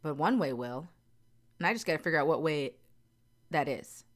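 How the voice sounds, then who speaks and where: A woman with a low, deep speaking voice talks straight to her viewers in a candid vlog. She is earnest and emphatic and repeats phrases to drive her point home. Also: expressive, normal speed. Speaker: vlogger. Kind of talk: candid personal talk to viewers.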